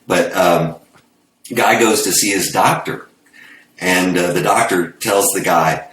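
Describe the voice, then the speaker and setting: A man in casual podcast chat, measured and dry when telling a joke. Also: low voice, fairly bright tone. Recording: roomy echo.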